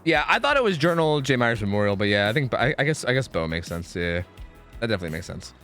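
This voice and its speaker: A young man streaming a game, chatting casually with his viewers, swearing freely and trailing into quick asides. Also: medium pitch, sing-song, fairly bright tone, soft background music. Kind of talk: casual gaming commentary.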